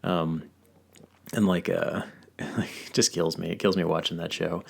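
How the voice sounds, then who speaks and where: A man with a very low, gravelly voice and a lot of vocal fry. He chats casually as a podcast host, rambling through stories and filling the gaps with fillers and restarts. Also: flat delivery, measured pace. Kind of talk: casual chat.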